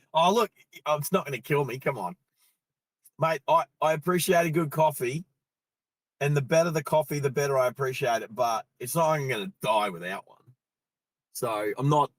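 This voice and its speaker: Middle-aged Aussie bloke, live driving vlog host, rambling friendly storyteller, dry in-car sound. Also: male voice, mid-range voice, dry recording. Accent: Australian. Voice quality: chatty, laughs easily, many fillers. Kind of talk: casual storytelling while driving. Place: in a car on the road.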